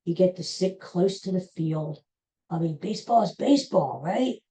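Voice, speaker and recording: A woman's voice: fairly low pitch, animated, normal speed, warm tone, poor audio. A woman hosting a podcast, chatting casually and rambling, often correcting herself and stumbling over names. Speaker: podcast host. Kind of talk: casual solo chat.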